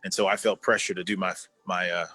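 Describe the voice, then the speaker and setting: Over a video call, a former executive in his fifties talks earnestly as an interview guest, repeating words for emphasis in a conversational way. His low voice is level and sharp, and he speaks quickly.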